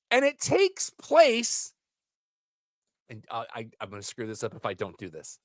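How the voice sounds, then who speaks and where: A male podcast co-host recaps movies with animated energy in casual chat. His voice is a little high and his pace measured, captured in a dry, studio-quality recording.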